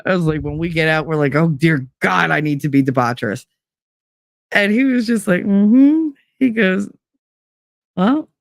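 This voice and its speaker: A woman's voice: sits low, creaky, dry recording, studio quality. A middle-aged woman, telling a story in casual, profane podcast chat, laughing and acting out the voices of the people in it. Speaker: podcast host.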